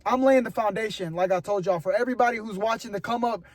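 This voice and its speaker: A young man talks straight to his camera in a loose, rambling vlog, earnest and encouraging, with "bro" dropped in everywhere. His voice sits high for a man. The recording is dry, with no room sound. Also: fast talker, no echo. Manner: earnest and rambling, motivational, says "bro" often. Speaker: vlogger. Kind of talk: casual talk to camera. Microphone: camera mic.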